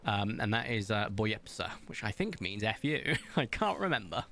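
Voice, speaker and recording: A man streaming a game, chatting casually, reading viewers' messages aloud and telling stories, with big playful jumps in pitch. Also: very animated, normal speed, fairly bright tone. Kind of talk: casual chat while gaming, reading chat aloud.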